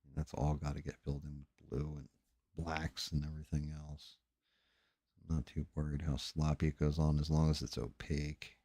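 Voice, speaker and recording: A man's voice: extremely low pitch, flat delivery, moderate pace, warm tone, breathy edge, no room sound. A tired man hosting a livestream, chatting casually and profanely in a rambling, mumbling way while he paints. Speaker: livestream host.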